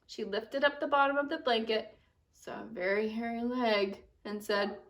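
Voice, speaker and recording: A young woman teacher reading a silly picture book aloud to children, with animated, expressive storytelling. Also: a little high, normal speed, far from the mic.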